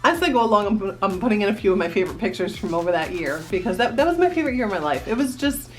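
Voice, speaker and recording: A woman's voice: mid-range voice, rapid-fire, soft background music. A woman in her thirties from New Jersey, a vlogger casually telling a story to the camera and reminiscing in a chatty way. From New Jersey, USA. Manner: chatty, animated reminiscing with quoted voices.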